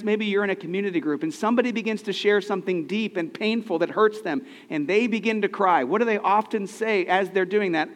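Male pastor, thirties, slightly high voice, earnest conversational sermon, long hall reverb. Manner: conversational, earnest, rhetorical questions.

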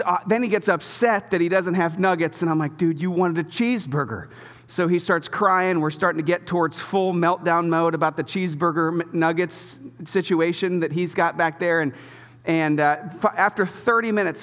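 A male pastor in his thirties delivering a sermon in a church auditorium, his voice a touch higher than most men's. He tells a family story casually and with animation, poking fun at himself, and a long reverb from the hall hangs on each phrase. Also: a bit bright.

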